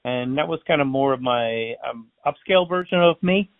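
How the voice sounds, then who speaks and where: Brief: friendly storyteller man, gravelly voice, dry close sound. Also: medium pitch, moderate pace, no room sound. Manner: chatty, animated storyteller acting out dialogue. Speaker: balloon artist and magician. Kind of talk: casual interview storytelling. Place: based in Florida. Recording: tinny phone-line sound.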